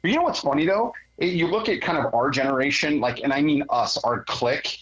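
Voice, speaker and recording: Husky man, lively chatty co-host, lo-fi audio. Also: on the high side, a little fast. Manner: reflective, chatty, with many fillers. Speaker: podcast co-host. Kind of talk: casual conversational chat. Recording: dull, lo-fi audio.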